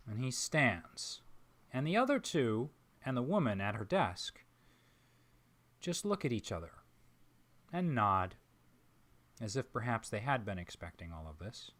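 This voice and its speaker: A man narrating as game master of a tabletop role-playing game, describing scenes in a measured, pausing way. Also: mid-range voice, sing-song, a bit bright. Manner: measured, descriptive, with frequent pauses.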